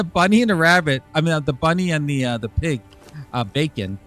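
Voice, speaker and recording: A man's voice: on the high side, animated, a little fast, a bit bright, soft background music. A man streaming a game as a VTuber, talking in a rambling, casual way and swearing freely. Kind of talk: casual gaming livestream chat.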